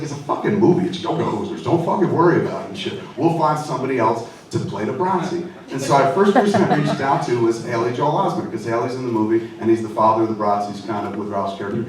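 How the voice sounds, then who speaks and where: Guy rattling off a cussy story on stage, far off mic, big echoey hall, crowd around. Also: mid-range voice. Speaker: film director at a premiere Q&A. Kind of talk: profane, animated anecdote-telling. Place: large festival theater with audience. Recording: echoey hall, mic heard from afar, audience.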